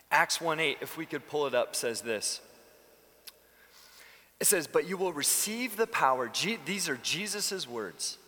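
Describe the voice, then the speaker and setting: Animated male pastor in a reverberant church. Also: on the high side. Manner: animated, acts out quoted lines. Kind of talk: sermon. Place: church sanctuary. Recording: long reverb of a church hall.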